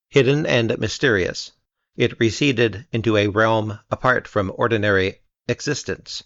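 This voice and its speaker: Male narrator, low voice with gravelly fry, dry dull lo-fi sound, steady essay reading. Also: no room sound. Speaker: reader.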